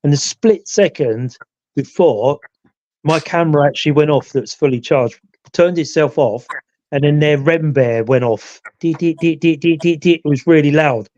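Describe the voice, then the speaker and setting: A man's voice: a little high, moderate pace, a little mellow, no echo, highs cut off. A man, rambling through the story of a ghost hunt on a live chat show with a lot of "you know" asides. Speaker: ghost hunter, show regular. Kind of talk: casual live chat recounting an investigation.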